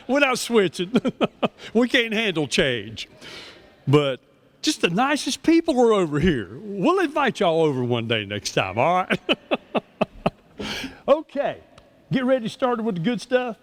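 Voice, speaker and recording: A man, a master of ceremonies speaking in a genial, joking, easygoing way at a banquet. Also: mid-range voice. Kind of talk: banquet emcee speech. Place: banquet hall.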